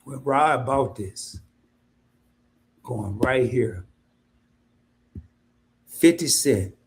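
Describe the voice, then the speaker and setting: A man hosting an investing livestream in a casual, colloquial way, addressing viewers directly as "y'all". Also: very slow. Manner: mimics worried investors in high voice.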